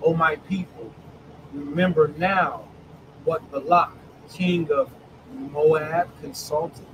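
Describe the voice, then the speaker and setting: A man leads a Bible study over a video call, reading verses slowly and then asking the group what they think. His voice sits high and lively. Faint background noise can be heard behind him. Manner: animated, calls on listeners by name, reads scripture slowly. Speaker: preacher. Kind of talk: online Bible study sermon.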